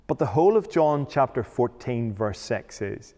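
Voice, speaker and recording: A man's voice: on the high side, very animated, normal speed, hardly any pauses, dark tone. A man preaching a sermon, emphatic, often asking rhetorical questions. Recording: long hall reverb.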